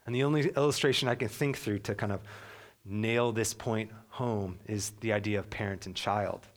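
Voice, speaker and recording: A young adult man preaching a sermon as pastor, earnest, sometimes dropping to a soft hush. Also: fairly low pitch, steady tone, normal speed.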